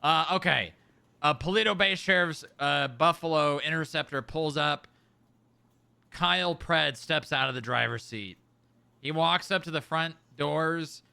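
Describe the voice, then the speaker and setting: A man's voice: a little high, unhurried, creaky, sharp tone, clean tone, no room sound. A man running a role-play job interview, narrating a hypothetical scenario with hesitant filler sounds.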